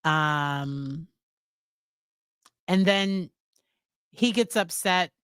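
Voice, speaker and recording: A woman's voice: low voice, slow, a bit bright, smooth, dry recording, studio quality. An American woman psychologist casually recapping a series, chatty, with fillers and quoted lines. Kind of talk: casual spoken review.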